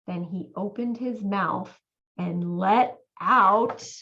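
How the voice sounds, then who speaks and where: A woman volunteer reading a children's picture book aloud in an animated way, stopping to ask the young listeners questions. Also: medium pitch, takes it slowly. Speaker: volunteer reader. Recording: dull lo-fi audio.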